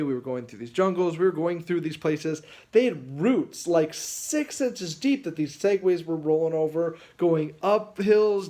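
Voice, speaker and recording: A man spinning a casual story from his own life, wandering along with plenty of "like" and "um" as he goes. His voice sits a bit higher than most men's. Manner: rambling, lots of fillers and restarts. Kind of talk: casual anecdote.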